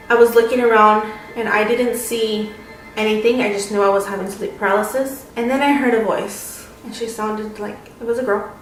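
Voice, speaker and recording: A woman's voice: mid-range voice, recorded from a distance. A young woman vlogger recounts her story in a chatty, dramatic way, full of fillers. Her voice sits in the middle of the range and echoes around the room. The mic is some way off, with faint noise in the background. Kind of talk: casual storytime.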